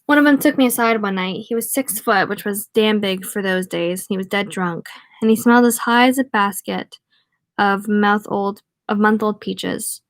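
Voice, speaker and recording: A woman's voice: medium pitch, moderate pace, dry recording. A woman reading a novel aloud in a casual way, now and then stopping to add wry comments of her own. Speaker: audiobook reader. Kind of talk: casual read-aloud with asides.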